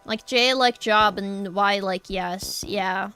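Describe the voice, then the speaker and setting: A woman's voice: mid-range voice, steady tone, takes it slowly, few pauses, bright, forceful tone, faint music behind. A young woman with a Norwegian accent, chatting casually with her stream chat while drawing, rambling and addressing viewers directly.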